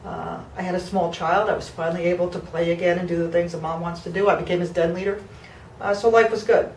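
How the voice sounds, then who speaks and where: A woman's voice: lowish voice, steady tone, fast talker, a little mellow, echoey room, far from the mic, slight background noise, low-quality recording. A woman of fifty from New Jersey giving an emotional patient testimonial, heartfelt and close to tears, with fillers and restarts. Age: 50s.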